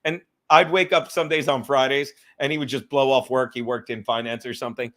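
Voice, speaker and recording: A man's voice: medium pitch, steady tone, a bit bright. A man hosting a podcast, ranting and joking in casual chat, with crude, profane humor. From New York. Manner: profane, joking, quick rants. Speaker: podcast host.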